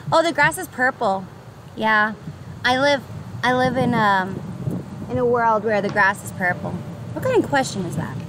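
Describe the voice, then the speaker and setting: Bubbly high-voiced New York woman streaming outdoors. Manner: bubbly, upbeat, greets chatters by name, laughs often. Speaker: livestreamer. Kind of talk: casual live-stream chat with viewers. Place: outdoors by the water on a pier. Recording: noisy outdoor stream with traffic.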